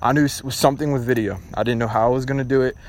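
A man's voice: mid-range voice, steady tone, racing, slight background noise. Profane, rambling young man. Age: young adult. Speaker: podcast host. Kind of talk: casual solo podcast rant.

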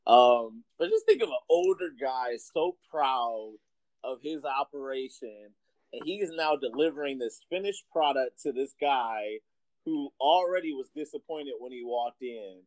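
A man's voice: medium pitch, a little slow, no echo, rough recording. A man telling a funny story in casual chat, acting out what people said and laughing often. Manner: expressive, laughing storyteller who acts out quotes.

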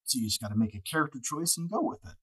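Talking very fast with big pitch swings, a man who narrates audiobooks guests on a casual podcast in a rather high, fairly bright, slightly rough voice. He rambles with lots of fillers and keeps restarting, all over poor audio.

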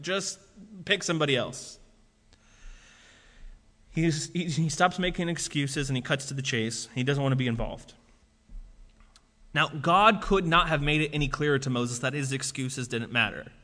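A man's voice: medium pitch, sharp tone. A man preaching a sermon as a pastor, talking casually with lots of fillers and asides. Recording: long reverb of a large hall.

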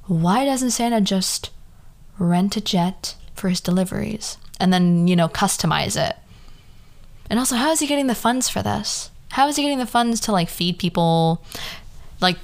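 A young woman hosts her podcast alone, riffing in a loose, joking monologue. Her pitch leaps and dips as she fires off rhetorical questions, with plenty of slang and filler words. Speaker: podcast host. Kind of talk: casual comedic monologue.

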